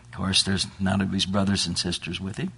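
A man preaching a sermon, telling a folksy animal story and building toward loud exhortation. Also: sits low, level tone, a little fast, creaky, husky.

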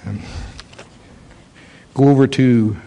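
A man's voice: medium pitch, slow pace, vocal fry, poor audio. A man preaching a sermon, telling a story and acting out the voices in it. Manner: animated storyteller, acts out voices.

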